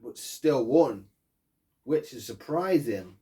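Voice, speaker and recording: A man's voice: medium pitch, lively intonation, takes it slowly, mellow. A man giving an angry post-match fan rant, swearing heavily and hammering his points. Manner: angry, heavy swearing, emphatic. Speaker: football fan vlogger.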